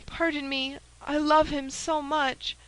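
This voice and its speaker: A woman's voice: high voice, lively intonation, moderate pace, a bit bright, voice pushed up, low-quality recording. A woman voicing a timid, earnest young novice who speaks in an eager, pleading way.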